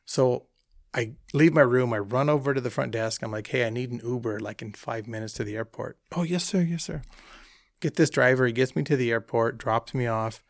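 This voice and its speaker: A man casually telling an animated travel anecdote, acting out the dialogue as he goes. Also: mid-range voice, a little fast, creaky, no echo, studio quality. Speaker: hunting trip guest telling a story. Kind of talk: casual storytelling.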